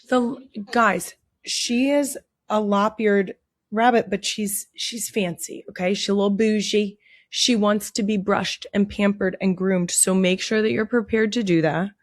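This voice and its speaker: A young woman hosting a podcast in casual chat, gushing and dropping into soft whispers as she coos over animals in the studio. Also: on the high side, no room sound. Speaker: podcast host. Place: indoor studio.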